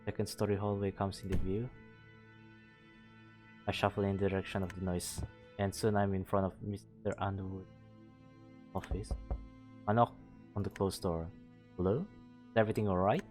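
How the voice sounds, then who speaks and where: A low-voiced man from Malaysia reads a visual novel's narration aloud in a steady, even way. Faint game music runs quietly under his voice. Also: moderate pace, pauses often. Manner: reads narration steadily, breaking off to laugh and comment. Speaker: VTuber streamer.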